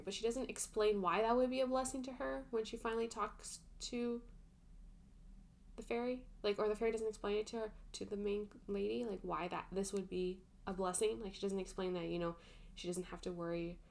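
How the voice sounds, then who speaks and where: Chatty young woman with a gravelly edge. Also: on the low side, little pitch movement, normal speed. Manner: chatty, filler-heavy, exasperated asides. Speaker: book vlogger. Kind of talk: casual book review rant.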